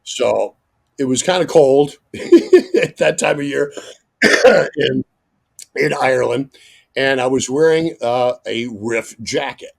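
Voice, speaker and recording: A middle-aged man, a radio host, telling an animated story as a guest and breaking into loud acted-out exclamations. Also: mid-range voice, takes it slowly, gravelly.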